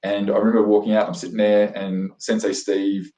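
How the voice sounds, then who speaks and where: An Australian man recounts his experiences as an interview guest with a lowish voice. He talks in a rambling, enthusiastic way, full of fillers and restarts. The sound carries a roomy echo. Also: level tone, a little fast, dark tone. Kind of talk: animated storytelling in conversation.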